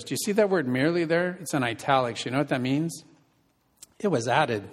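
A man's voice: medium pitch, a little fast. A man preaching a sermon as pastor and counselor, conversational and asking the congregation questions. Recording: reverberant hall.

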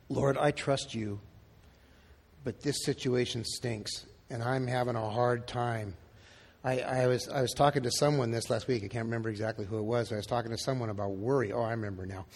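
A man's voice: medium pitch, long reverb tail. A male pastor preaching a sermon in a casual, conversational way, acting out the quoted lines. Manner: conversational, acts out quotes in dialogue.

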